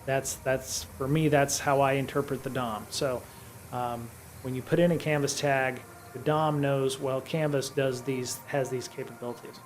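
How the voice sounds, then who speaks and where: A middle-aged man hosting a live stream. He reads from a programming book at a steady pace, then drifts into loose chat full of ums and restarts. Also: mid-range voice, moderate pace, slight background noise. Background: faint guitar music.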